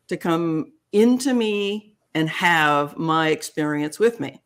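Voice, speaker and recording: Older woman telling an animated story. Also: low-pitched, takes it slowly, clean tone. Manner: animated, acts out both sides of remembered dialogue. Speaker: guest. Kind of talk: storytelling in an interview.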